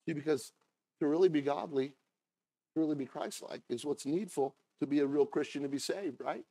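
A male pastor delivers a sermon, swinging from quiet, confiding speech to loud, fervent shouting, and he frequently repeats or restarts phrases. His pace is normal, and there's no echo.

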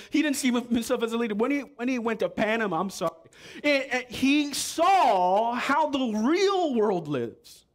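A man preaching a sermon as pastor, animated and joking with the congregation. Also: very high voice, moderate pace. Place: church.

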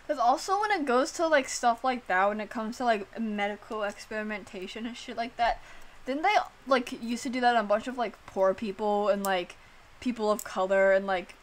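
A woman streamer chatting casually, animated and swearing, filling her talk with "like.". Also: medium pitch. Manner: animated, swearing, heavy use of "like".

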